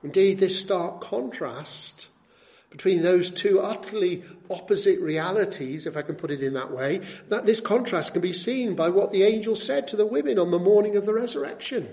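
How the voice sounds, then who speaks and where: A man delivers a sermon in a notably high voice. He is emphatic, pressing his points with rhetorical tag questions and repeating key words for weight. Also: moderate pace, a little mellow. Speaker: preacher.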